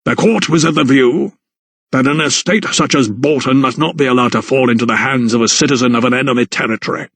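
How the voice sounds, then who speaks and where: A man voicing a large, pompous male lawyer who sneers, gloats and pauses for effect. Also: mid-range voice, fairly bright tone, slightly rough, no echo. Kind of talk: audiobook character voice.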